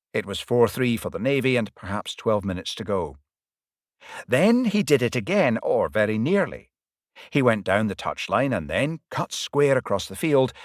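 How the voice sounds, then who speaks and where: Male narrator for a comic audiobook, very expressive pitch, close dry recording. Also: dry recording. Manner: animated, swings pitch and loudness with the action. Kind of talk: first-person audiobook narration.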